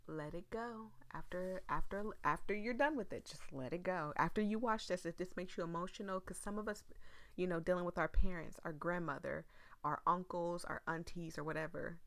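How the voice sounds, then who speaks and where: A woman's voice: fairly low pitch, normal speed, a bit bright. A young woman commenting casually on a game, earnest and emotional, talking straight to her viewers. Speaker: gaming video creator.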